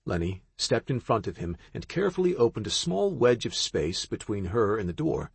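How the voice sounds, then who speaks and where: A male narrator reading romance fiction in a measured, expressive way. His voice is low and a touch husky. The recording is dry and close. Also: dry recording. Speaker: audiobook narrator. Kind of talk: scripted romance novel narration.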